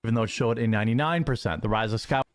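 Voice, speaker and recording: A man in a replayed clip rattles off scores and percentages in a quick, matter-of-fact way. His voice sits at a middle pitch. The recording is close and dry. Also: dry recording. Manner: rapid, matter-of-fact listing of figures. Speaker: commentator in a played clip.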